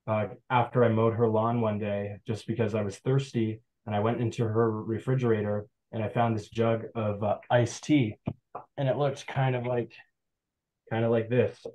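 A young man from the Adirondacks talks about foraging on a video call, in a rather low voice. He rambles through his stories with plenty of fillers. His tone stays easy and casual throughout. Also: darkish tone, rough recording. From Adirondacks, New York. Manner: chatty, rambling storyteller with fillers. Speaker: guest presenter, forager. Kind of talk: casual online presentation.

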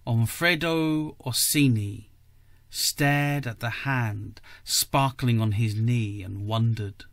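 Slow, careful male story reader. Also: medium pitch, dry recording. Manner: measured, careful. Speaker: podcast host reading a story. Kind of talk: unhurried story reading.

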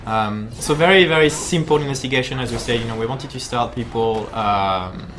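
Halting, chatty male game designer. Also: medium pitch, fairly bright tone, a little hiss or hum. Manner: halting, with many fillers and repeated words; chatty and jokey. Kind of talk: live-stream commentary while playing.

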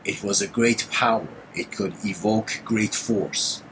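A man's voice: fairly low pitch, unhurried, a bit bright, slight background noise, rough recording. A man lecturing in a casual, meandering storytelling way. He often restarts phrases and adds "you know".

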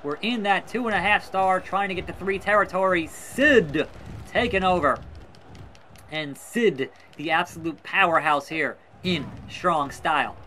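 A man's voice: high voice, unhurried, bright, forceful tone, a little hiss or hum. A man giving casual gameplay commentary, calling a wrestling match in a mock play-by-play style with sarcastic asides. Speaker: gaming YouTuber. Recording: faint music behind.

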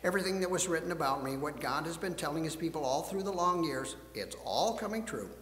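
A man voicing Jesus as a gentle, calm grown man, speaking softly, in a storybook reading. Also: on the high side, quick pace. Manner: soft and quiet. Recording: echoey church hall.

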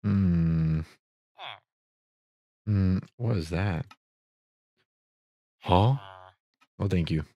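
A man's voice: deep voice, extremely slow, long pauses, warm tone, dry recording. A young man giving goofy, easily startled commentary while playing a Minecraft survival game, talking to himself with gasps and jokes. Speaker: gaming YouTuber. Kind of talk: Minecraft let's play commentary.

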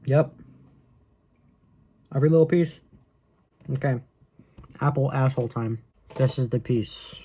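A man's voice: medium pitch, measured pace, pauses often, mellow, breathy edge. A young man rambling in a casual vlog, crude and joking, swearing often. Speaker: vlogger.

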